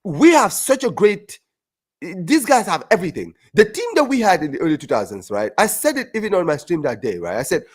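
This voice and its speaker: A man's voice: high voice, very animated, a little fast, breathy edge. A man from the United States, hosting a casual football chat on a video call, emphatic and repeating himself for effect. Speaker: podcast host and streamer.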